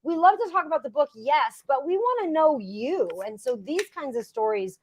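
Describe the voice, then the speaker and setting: A woman's voice: high voice, lively intonation, moderate pace, slight background noise. A woman co-hosting a live author interview, telling personal stories in a candid, conversational way. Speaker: co-host.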